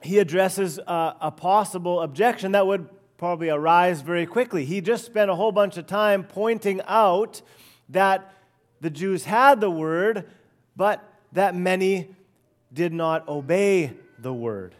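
A middle-aged man preaching an expository sermon, earnest and emphatic, often letting phrases fall soft and low at the end. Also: unhurried. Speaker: pastor.

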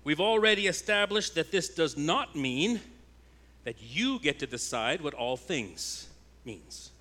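A pastor preaching a sermon, a man whose delivery swings between loud, emphatic declarations and hushed, intense passages. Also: fairly high pitch, big pitch swings, measured pace.

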